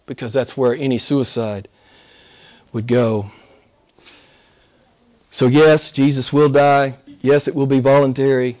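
A man's voice: medium pitch, fairly even intonation, a little slow, long pauses, darkish tone. A male pastor preaching a sermon in an emphatic, conversational way, speaking directly to his congregation.

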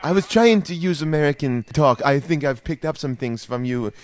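Man putting on a stiff karate sensei voice, bouncy pitch, formal broken english. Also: expressive, moderate pace, soft background music, lightly acted. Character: earnest male German karate teacher.

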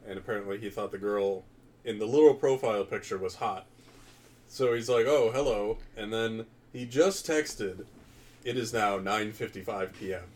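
A man's voice: lowish voice, a little mellow, far from the mic, slight background noise. Wry man telling an anecdote. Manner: wry, joking. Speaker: podcast co-host. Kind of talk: casual chat.

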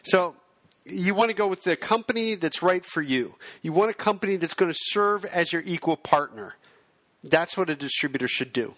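A male podcast host who explains things in a steady, self-described monotone. His voice sits a little high and sounds close and dry, with no room around it. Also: moderate pace, dry recording. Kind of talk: podcast monologue.

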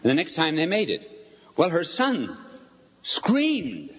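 Animated older preacher in a hall. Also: male voice, high-pitched, a little slow, long pauses, a little hiss or hum. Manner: animated storyteller, asks the audience questions. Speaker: bishop preaching. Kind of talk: live sermon to an audience. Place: large hall before a live audience. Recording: long hall reverb.

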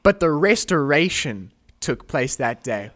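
A young man with a fairly high voice tells a faith testimony on a podcast. He speaks earnestly and with animation, acting out the prayers he recalls. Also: measured pace. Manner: earnest, animated storytelling, quoting prayers aloud. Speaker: podcast host. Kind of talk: emotional testimony in a casual chat.

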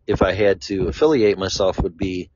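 A man from Chicago with a fairly low voice rambles through a casual monologue, blunt and quick to swear. The recording is dull and lo-fi, and the sound is dry with no room echo. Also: a little mellow. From Chicago, USA. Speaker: vlogger.

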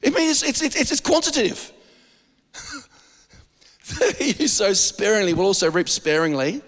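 Joking Australian pastor in an echoing hall. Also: male voice, high voice, normal speed. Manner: animated, joking, with frequent restarts. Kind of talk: sermon.

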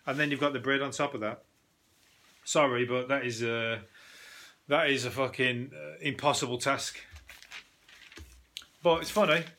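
A British man hosting a casual news podcast, ranting and joking in an animated, sweary way with laughing asides. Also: mid-range voice, normal speed, pauses often. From Britain. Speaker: podcast host.

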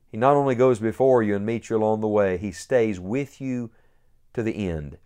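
A man's voice: on the low side, moderate pace, dark tone, clear, resonant tone. Earnest male radio preacher. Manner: earnest, rising to emphatic peaks. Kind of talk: sermon.

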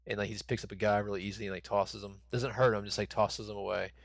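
A man's voice: lowish voice, steady tone, fast, vocal fry, no room sound. A man in his thirties co-hosting a podcast, rambling and swearing in casual chat with lots of fillers. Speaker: podcast co-host.

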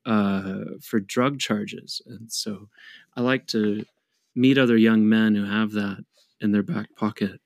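A man co-hosting a podcast in casual chat, teasing the guest with a deadpan joking manner. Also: on the low side, slow pace, dry recording, clean studio sound. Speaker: podcast co-host.

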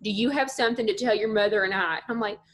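A young woman chatting casually as a podcast guest, full of "like" fillers and animated storytelling. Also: medium pitch, quick pace, slight background noise. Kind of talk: casual chat.

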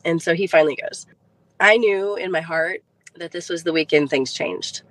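Low-voiced middle-aged woman sharing testimony. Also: moderate pace, a bit bright, low-quality recording. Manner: heartfelt storytelling, retelling conversations. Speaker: podcast guest. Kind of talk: personal faith testimony.

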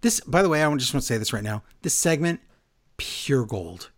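A man co-hosting a casual wrestling chat, recapping a show with animated, exaggerated retellings. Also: on the high side, fast talker. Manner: animated, acts out quotes in exaggerated voices. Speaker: podcast co-host recapping wrestling.

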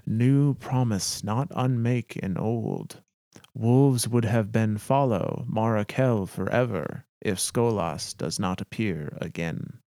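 Guy doing a slow, deep-ish alien captain, broken english, earnest, dry sound. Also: dark tone, dry recording. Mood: solemn. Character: male alien pirate captain, earnest, halting broken speech.

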